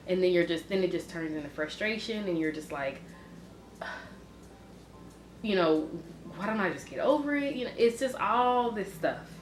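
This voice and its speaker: A young adult woman talking openly in a personal vlog, rambling and halting with many restarts and fillers. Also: medium pitch, roomy sound. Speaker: vlogger.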